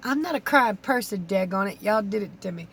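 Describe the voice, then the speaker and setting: A woman's voice: mid-range voice, animated, a little fast, breathy edge. A woman, a keto vlogger pleading earnestly with viewers, close to tears. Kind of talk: emotional vlog talk to camera.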